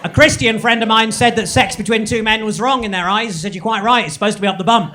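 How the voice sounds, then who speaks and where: A man doing stand-up comedy, delivering one-liners in a deadpan way to a laughing club audience. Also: sits high, fast talker, crowd noise.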